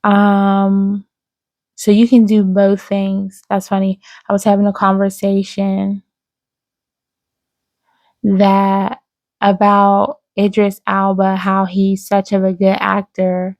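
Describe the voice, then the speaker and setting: Slow, soft-toned woman giving a psychic reading. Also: mid-range voice, monotone, no echo. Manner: slow, drawn-out, soothing, with many "okay?" asides. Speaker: psychic reader. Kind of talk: intuitive reading to viewers.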